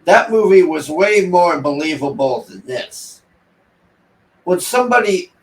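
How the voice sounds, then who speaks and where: A man's voice: high voice, distant mic. A man rambling through a casual movie review, exasperated and sarcastic, mocking the characters as he talks. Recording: echoey room, voice off-mic.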